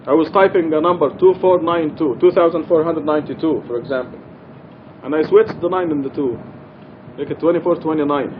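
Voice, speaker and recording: A man's voice: a little high, phone-quality sound, a little hiss or hum. A man teaching a religious study class in a mosque, speaking earnestly and repeating his key points for emphasis.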